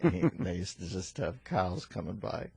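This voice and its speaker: A man's voice: sits low, animated, moderate pace, vocal fry, darkish tone, breathy edge, no echo. A middle-aged man hosting a radio talk show, rambling and wisecracking through casual comic banter in a studio. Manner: wisecracking, rambling, full of pop culture references. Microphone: studio microphone.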